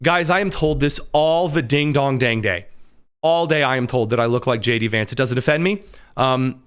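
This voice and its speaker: A man from the American Midwest hosting a podcast, talking in a casual, animated commentary style with sarcastic asides and frequent fillers. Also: medium pitch, moderate pace, smooth. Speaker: podcast host.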